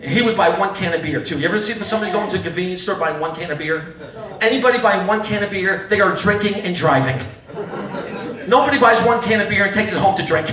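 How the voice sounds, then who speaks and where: A man's voice: high-pitched, fast talker, roomy sound, distant mic, crowd noise. A man doing live stand-up comedy, acting out characters, with audience laughter. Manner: rowdy, acts out voices, audience laughs throughout.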